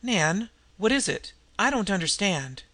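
A man voicing an earnest young woman heroine who speaks in a gentle, soothing way. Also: high voice, expressive, unhurried, dry recording, full character voice.

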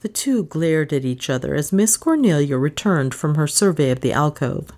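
A woman narrating an audiobook in a measured, unhurried reading voice. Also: low voice, expressive, darkish tone.

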